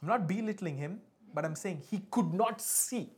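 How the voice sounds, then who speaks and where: A woman's voice: on the low side, animated, normal speed, darkish tone. A woman preaching a sermon with call and response, fervent and building, breaking into speaking in tongues.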